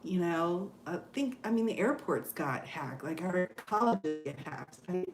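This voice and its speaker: A woman's voice: on the low side, expressive, a little slow, music in the background. Chatty laughing woman in an echoey room. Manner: chatty, laughs often, many "oh my goodness" exclamations. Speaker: livestream host. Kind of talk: casual live chat reading comments.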